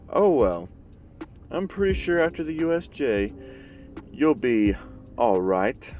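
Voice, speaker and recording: A man's voice: medium pitch, very animated, slow, darkish tone, lo-fi sound, a little hiss or hum, voice pushed up. A man voicing a pompous, scheming male mouse principal who issues threats in a fan story. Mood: haughty scheming. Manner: haughty, threatening.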